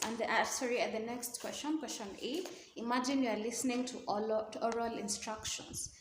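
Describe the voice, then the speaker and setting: Female teacher, fairly high voice, methodical revision lesson, roomy echo, faint hiss. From Kenya. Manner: explains step by step, repeats key words. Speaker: English teacher. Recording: echoey room with faint noise.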